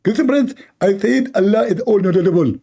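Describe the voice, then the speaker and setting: A man's voice: high-pitched, brisk, warm tone, voice pushed up. A man putting on a mocking caricature of a male debater, in a whiny, insistent voice.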